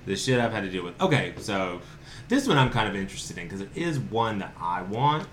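A man with a voice on the low side tells stories in a lively, animated way, swearing freely and breaking into laughs. He talks in loose, chatty bursts. A faint hiss sits under the recording. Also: a little fast. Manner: animated storyteller, profane, laughing. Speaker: podcast co-host. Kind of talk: casual chat.

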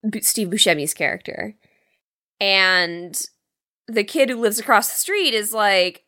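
A young adult woman with a bright, clear tone talks through a movie's story in a loose, conversational way. She acts out the characters' lines as she goes, keeping the retelling animated. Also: mid-range voice, measured pace. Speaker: podcast co-host. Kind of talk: casual movie recap chat.

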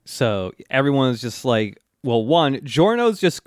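Man, podcast co-host, casual recap, swears a lot, mid pitch, dry close sound. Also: sing-song, clean tone, no room sound. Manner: swears freely, acts out characters' lines in quick bursts. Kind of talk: casual anime recap chat.

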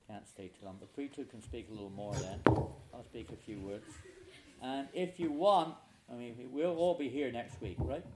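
An older retreat speaker, using a mid-range voice, tells a live audience a funny story from his own life. He's an animated, humorous storyteller, heard over background noise at a spiritual retreat.

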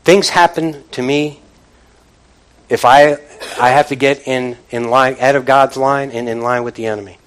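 A man's voice: mid-range voice, fairly even intonation, moderate pace, rough recording. A man preaching a sermon from the pulpit in a conversational way, calling out to the congregation. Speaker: pastor. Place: church, from the pulpit.

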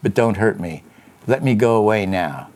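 A man reading as a hushed pleading femme fatale. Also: lowish voice, lively intonation, normal speed, close to an everyday voice.

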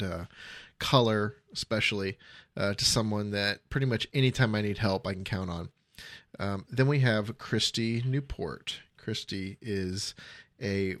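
A man's voice: on the low side, no room sound, clean studio sound. A middle-aged man hosting a podcast on his own, talking casually with lots of ums and uhs. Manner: easygoing, full of ums and uhs. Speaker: podcast host. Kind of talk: casual solo podcast monologue.

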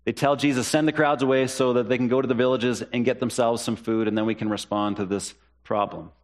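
Male pastor, sermon delivery, earnest, repeats lines, mid-pitched voice. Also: fairly even intonation, a little fast. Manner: earnest, repeats key phrases for emphasis; rises in pitch when voicing the disciples' questions.

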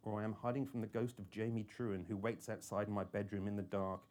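A man reading a first-person thriller audiobook with an intense delivery that moves between hushed and urgent. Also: fairly low pitch, little pitch movement, fast. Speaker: audiobook narrator.

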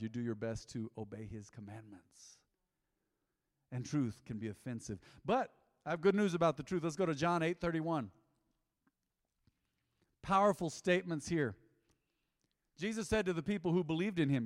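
A middle-aged man preaching a sermon as pastor, lively and humorous, with acted-out quotes. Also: fairly high pitch, normal speed. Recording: echoey hall with long reverb.

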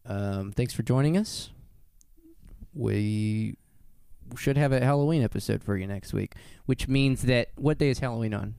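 A man's voice: medium pitch, unhurried, gravelly, darkish tone, smooth, no echo, studio quality. A man hosting a podcast, talking loosely and rambling, laughing often. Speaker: podcast host. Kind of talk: casual podcast chat.

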